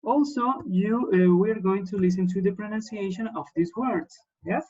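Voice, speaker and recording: A man's voice: sits high, moderate pace, a little mellow. Patient male teacher on a lo-fi laptop mic. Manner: patient, repeats words and checks in with "yes?". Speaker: English teacher. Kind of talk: online class instruction.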